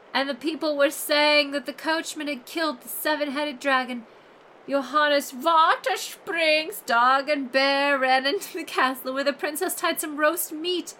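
A woman's voice: high voice, bright, forceful tone, a little hiss or hum. A woman reading fairy tales aloud as host, breaking off into sarcastic, mock-exasperated commentary. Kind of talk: comic storytelling reading with running commentary.

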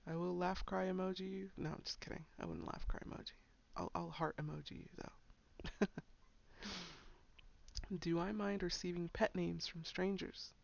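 Giggly, gravelly young woman chatting slowly. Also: lowish voice, fairly even intonation. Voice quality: frequent giggles, breathy whispered asides. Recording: slightly dull lo-fi sound.

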